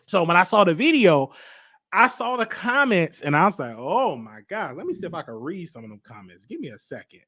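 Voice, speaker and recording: A man hosting his own live show in a loose, casual way. His voice sits high for a man and swings widely in pitch as he presses his points. He often repeats himself and reads comments aloud. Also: big pitch swings, fairly quick, bright, forceful tone. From United States. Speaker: host.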